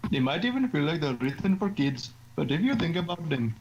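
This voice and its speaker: A Scottish man voicing a snarky teenage girl club president in a game, teasing and trading crude, deadpan insults. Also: on the high side, brisk, dull audio, noisy background. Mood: mocking.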